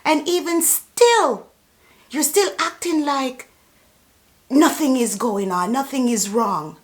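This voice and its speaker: Slow, indignant woman ranting to camera. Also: sits high. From immigrant to Canada. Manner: indignant, emphatic, repeats for emphasis. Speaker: personal support worker. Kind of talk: impassioned political rant to camera.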